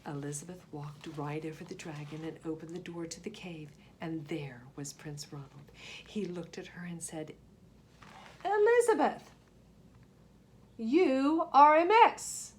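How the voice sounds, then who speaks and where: A woman reading a picture book aloud to young children, expressive and asking them questions. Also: low voice, normal speed, a little hiss or hum. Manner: expressive, gasps and asks the listeners questions. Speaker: children's story reader.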